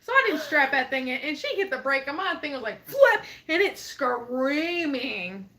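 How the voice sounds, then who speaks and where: A woman in her twenties co-hosting a casual chat show, telling stories in an animated way and laughing often. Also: high voice, normal speed. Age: 20s. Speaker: co-host. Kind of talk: casual chat, reading live chat.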